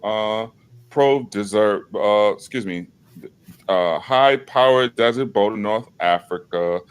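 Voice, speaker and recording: A man's voice: fairly low pitch, slow pace, clean tone. A man hosting his own video channel, talking casually and reading aloud from a page, with loose asides, apologies and some swearing. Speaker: channel host.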